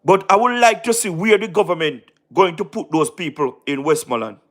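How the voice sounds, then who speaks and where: His voice is high and fairly quick as this weary man with a Jamaican accent runs a casual live stream. He responds to viewers by name, slipping into patois and going over his points again and again.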